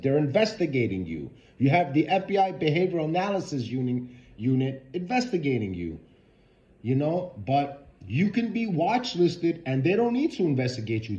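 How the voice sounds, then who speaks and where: A man's voice: a little high, warm tone. A man ranting to camera in a vlog, profane and emphatic, repeating his points. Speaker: vlogger. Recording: dull lo-fi sound.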